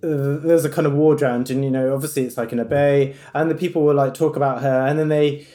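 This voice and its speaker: A man's voice: mid-range voice, steady tone, fast, dark tone. A man, a doctor, chatting casually and reflectively with many filler words. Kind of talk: casual podcast chat.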